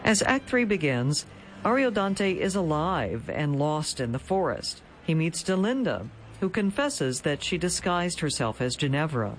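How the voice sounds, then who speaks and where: A man giving a scripted narration as a broadcast announcer, measured and polished. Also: fairly high pitch, sing-song, a little hiss or hum.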